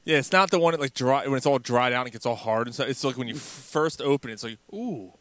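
A man's voice: mid-range voice, quick pace, fairly bright tone, smooth, no echo. A man hosting a casual sports podcast, talking in a rambling way with lots of fillers and restarts. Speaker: podcast host.

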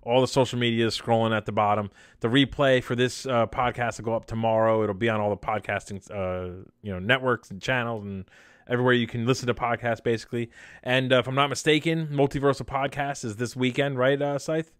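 A man's voice: mid-range voice, steady tone, brisk, smooth, no room sound, studio quality. A man hosting a casual podcast, talking in an easygoing way as he signs off the show. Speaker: podcast host. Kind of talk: casual chat.

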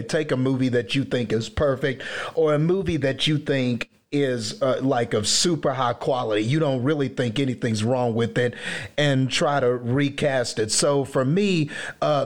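Hesitant man laying out his picks. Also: medium pitch. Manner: hesitant, full of fillers and restarts. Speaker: podcast co-host. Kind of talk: casual chat.

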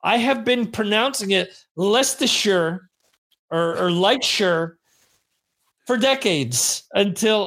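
A middle-aged man from the United States talks casually on a live-streamed podcast. His voice sits high for a man. He rambles, jokes and pokes fun at himself. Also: animated, slow, a bit bright. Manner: rambling, self-deprecating, jokey. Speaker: podcast host.

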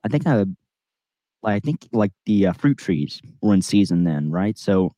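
A man's voice: lowish voice, sing-song, unhurried, warm tone, no echo. Dry-sounding man telling rambling stories. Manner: rambling, self-deprecating storyteller. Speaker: podcast host. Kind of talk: casual chat.

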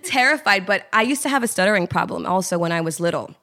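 This Trinidadian interview guest has a fairly low, creaky voice and talks quickly. In a relaxed conversation she recounts her story with energy, imitating the voices of people she quotes.

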